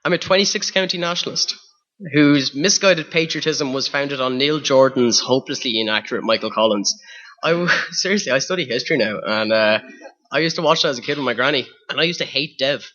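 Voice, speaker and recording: A man's voice: mid-range voice, a little fast, sharp tone, dull audio. A young man from Ireland with an Irish accent, reading a personal essay to an audience in a wry, self-mocking way with rhetorical questions. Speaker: spoken word performer.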